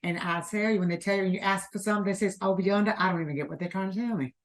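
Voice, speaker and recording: A woman's voice: mid-range voice, racing. A woman co-hosting a casual show, chatting and laughing with her husband. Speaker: co-host. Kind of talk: casual podcast chat.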